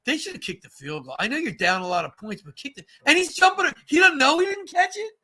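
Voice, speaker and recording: A man's voice: very high-pitched, expressive, fast talker, bright, forceful tone. A man chatting casually and laughing often while watching a football game with friends.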